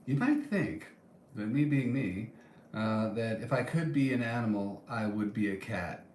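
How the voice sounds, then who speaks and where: A man's voice: fairly low pitch, moderate pace, a little mellow, reverberant, slight background noise. A man hosting a casual live stream and reading viewer comments aloud, talking in a rambling way with many ums and restarts.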